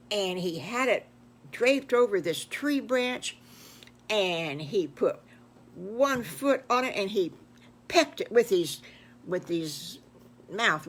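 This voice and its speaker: A woman's voice: fairly low pitch, a bit bright, a little hiss or hum. An older woman telling an improvised children's story in a folksy, exclamatory way. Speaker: grandmother storyteller.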